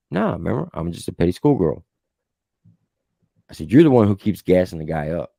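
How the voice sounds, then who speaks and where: Brief: low, gravelly male host, lively pitch swings, profane storytelling rant, dry room. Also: normal speed, long pauses, no room sound. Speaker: show host. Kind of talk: heated casual livestream rant.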